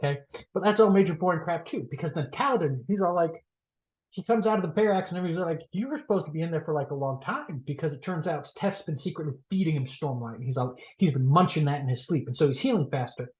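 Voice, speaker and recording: A man co-hosting a podcast, recapping a book in an animated, jokey way and acting out the scenes. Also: a little high, fast talker. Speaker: podcast co-host. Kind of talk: excited comedic book recap. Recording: roomy, dull lo-fi podcast audio.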